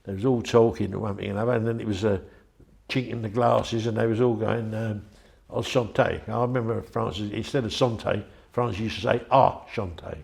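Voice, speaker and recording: A man's voice: lowish voice, little pitch movement, quick pace, gravelly, a little mellow. Older man telling old stories. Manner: rambling, chatty, with frequent restarts. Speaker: interviewee. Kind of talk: anecdotal storytelling.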